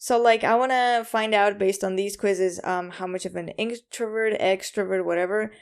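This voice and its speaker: Rambling young woman podcaster, smooth voice. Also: mid-range voice, steady tone, moderate pace. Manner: rambling, full of ums and likes, self-conscious. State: a bit anxious. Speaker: podcast host. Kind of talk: casual solo podcast chat.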